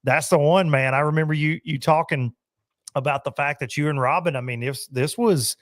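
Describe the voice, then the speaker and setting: A man's voice: fairly high pitch, fairly even intonation, moderate pace, no room sound, clean studio sound. A man hosting a podcast, talking with enthusiasm as he looks back on old tournaments. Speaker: podcast host. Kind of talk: casual chat.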